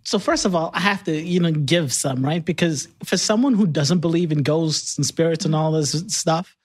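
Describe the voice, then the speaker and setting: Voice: mid-range voice, moderate pace, breathy edge. A podcast co-host talking in a skeptical, emphatic way, often laughing. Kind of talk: casual chat.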